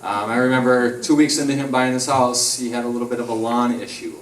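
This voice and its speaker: A man's voice: mid-range voice, fairly even intonation, a little fast. Man telling funny stories, echoey hall. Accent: Upper Midwest American. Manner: storytelling, jokey, acts out quotes. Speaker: eulogy speaker, close friend. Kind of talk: memorial eulogy with stories. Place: large hall at a memorial. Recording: echoey hall, mic from far off.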